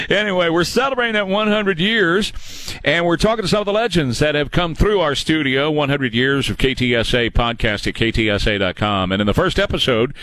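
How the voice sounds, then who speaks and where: A man's voice: medium pitch, fairly bright tone, dry recording. An older man hosting a talk radio show, mocking and sarcastic, often laughing at his own points in a studio. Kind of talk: opinionated talk radio monologue. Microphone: studio broadcast mic.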